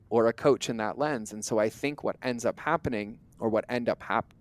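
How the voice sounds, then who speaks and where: A man as a podcast guest, talking in an emphatic, animated way with casual language and occasional swearing. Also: medium pitch. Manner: emphatic, animated storyteller who acts out quoted exchanges. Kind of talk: conversational interview talk.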